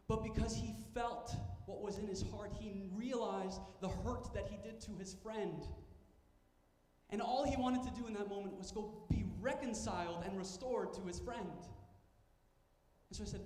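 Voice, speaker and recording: High-voiced pastor preaching in an echoey hall. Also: male voice, moderate pace, darkish tone. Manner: storytelling, emphatic repetition. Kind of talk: sermon. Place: church sanctuary. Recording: echoey church hall with faint ambience.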